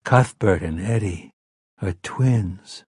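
Casting: man voicing a spellbound man turned scared little boy, slow and husky. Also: low voice, darkish tone, no echo, clean studio sound, exaggerated voice. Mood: dazed. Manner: dazed, then small, trembling and childlike. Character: hypnotized grown man regressing into a frightened seven-year-old boy. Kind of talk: audiobook character voice.

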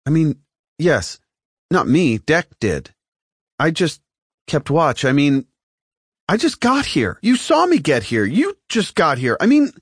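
A man's voice: very animated, moderate pace, no room sound, clean studio sound. A man voicing a nervous young male recruit who stammers when flustered, in an audiobook. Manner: stammering, flustered, rising pitch. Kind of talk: audiobook character voice.

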